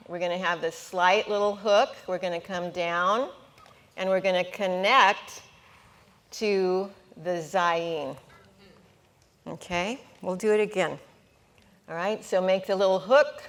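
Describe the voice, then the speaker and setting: A woman's voice: medium pitch, a bit bright. A woman teaching a Hebrew lesson to a class, patient and encouraging, sounding out syllables and checking that everyone follows.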